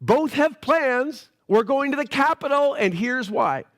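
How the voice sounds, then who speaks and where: A man preaching a sermon as pastor, telling the story in a casual, animated way with playful voices for the characters. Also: extremely high pitch, a little slow. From Canada.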